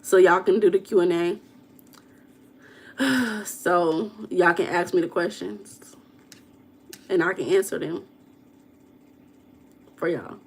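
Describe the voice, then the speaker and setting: A woman's voice: on the low side, slow, creaky, long pauses, slight background noise. Chatty woman hosting a livestream. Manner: chatty, reads and answers viewer comments, dramatic storytelling. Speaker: livestream host. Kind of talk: casual livestream chat.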